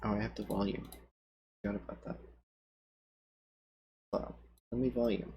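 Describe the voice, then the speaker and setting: A woman chatting casually as a guest co-reader of a visual novel, quiet and relaxed with dry humor. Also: extremely low pitch, normal speed, muffled recording, slight background noise. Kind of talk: casual chat while reading a visual novel.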